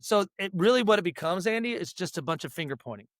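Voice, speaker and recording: Guy on a movie podcast rambling thru the plot, bit high pitched, swears a lot. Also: animated, quick pace, a bit bright, no room sound, clean studio sound. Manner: rambling, swears freely, lots of fillers. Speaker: podcast co-host. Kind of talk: casual movie recap chat.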